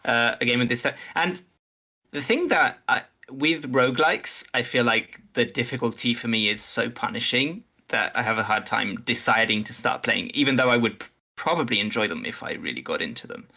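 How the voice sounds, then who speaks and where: Gravelly, bright-voiced man chatting casually. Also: medium pitch, normal speed. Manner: hesitant, wry and joking. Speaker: podcast co-host. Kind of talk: casual chat.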